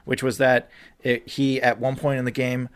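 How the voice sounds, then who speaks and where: A man co-hosting a podcast, ranting about football with an animated, swearing delivery that climbs toward near-shouts when he gets upset. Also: mid-range voice, moderate pace, slight background noise. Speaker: podcast co-host. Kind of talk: ranting sports chat.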